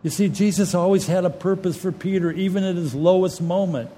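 A man delivering a sermon with a somewhat high-pitched voice. He preaches in a lively, colloquial way, slipping into casual, street-level phrasing as he retells scripture stories. The feel is warm storytelling from the pulpit rather than formal recitation. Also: a little fast.

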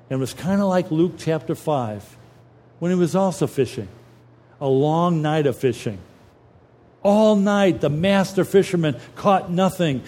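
Animated storytelling preacher man. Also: a little high. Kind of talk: sermon.

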